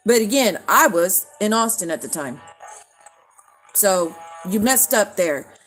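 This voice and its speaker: A woman's voice: mid-range voice, expressive, measured pace, pauses often, a bit bright, soft background music. A woman hosts a casual livestream. She rants in a heated way, swears often and calls out viewers by name. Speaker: livestream host.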